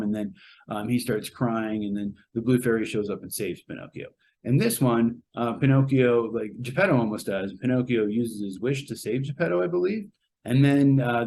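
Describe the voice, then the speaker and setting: A man's voice: medium pitch, darkish tone. Hesitant man rambling through a film review. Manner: rambling, hesitant, many ums and uhs. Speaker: podcast co-host reviewing a film. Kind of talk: casual spoken film review.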